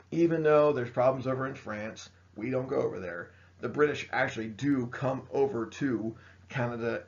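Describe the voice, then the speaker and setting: Gravelly man giving a casual history lecture. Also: lowish voice, a little mellow, lo-fi sound. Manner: casual, frequent "all right?" check-ins and fillers. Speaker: high school history teacher. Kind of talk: classroom lecture.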